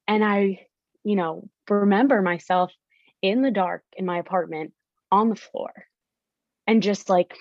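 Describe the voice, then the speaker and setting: A woman's voice: medium pitch, normal speed, a little mellow, no room sound, highs cut off. A young woman, a podcast guest, candidly telling her story and acting out her past self in quoted lines.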